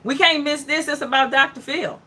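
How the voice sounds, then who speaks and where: Woman host reading news headlines on a stream, bright voice, lots of mm-hmms and chatty asides to the viewers. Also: high voice, fairly even intonation, a little fast, slight background noise. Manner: reads headlines aloud, then reacts with chatty asides and many mm-hmms; greets and answers viewers by name. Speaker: host of an online news hour. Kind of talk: casual livestream headline commentary.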